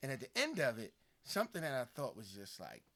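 A man from the Philadelphia area talks casually on a podcast, telling stories and acting out what others said. His voice is bright and forceful, and he sits mid-pitch for a man. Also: a little fast, a little hiss or hum. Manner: animated storytelling, acts out quoted people. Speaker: podcast co-host. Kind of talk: casual conversation.

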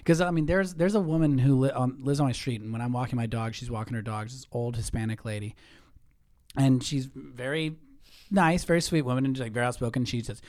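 Guy hosting a podcast, chatty and animated, does little voices, dry close sound. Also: mid-range voice, fairly quick, dry recording. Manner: animated storyteller, mimics voices in quotes. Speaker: podcast host. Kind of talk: casual chat.

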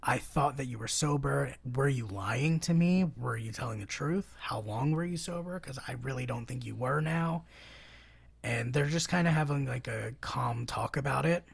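Husky gravelly woman recapping a film. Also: a bass voice, normal speed. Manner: relaxed retelling with many fillers. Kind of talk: casual film discussion.

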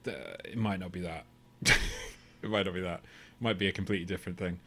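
A man's voice: low-pitched, steady tone, quick pace, sharp tone, slightly rough. A man co-hosting a podcast, talking casually in long rambling, tangential stretches with the odd swear. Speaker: podcast co-host. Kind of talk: casual chat.

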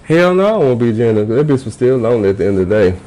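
A man hosting a casual podcast, animated and jokey, swearing freely and jumping into high squeals. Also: very fast, crowd noise, poor audio. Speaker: podcast host. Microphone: studio microphone.

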